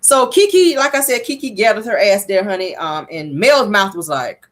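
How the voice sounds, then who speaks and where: A woman recapping a reality show episode in a sassy, animated, gossipy way. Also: mid-range voice, normal speed. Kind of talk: casual recap commentary.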